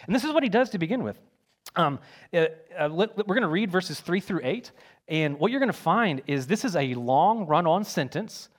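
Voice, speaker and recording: A young adult male pastor delivering a sermon, his voice slightly higher than most men's. He preaches casually and with energy, often restarting a phrase or dropping in a filler before pressing on. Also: very animated, normal speed.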